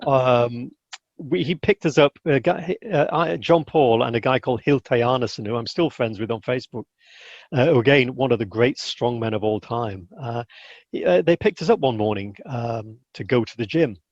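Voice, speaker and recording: On a dull, dry, lo-fi recording with no room sound, a man speaks in a mid-range voice at a moderate pace. He's a guest in an interview, casually spinning stories, animatedly acting out quoted people and frequently restarting his sentences.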